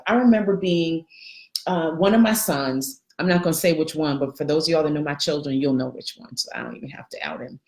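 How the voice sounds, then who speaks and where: Noticeable room echo surrounds a middle-aged life coach giving a live coaching talk. She has a lilt, and her fairly low voice rises brightly when she greets viewers.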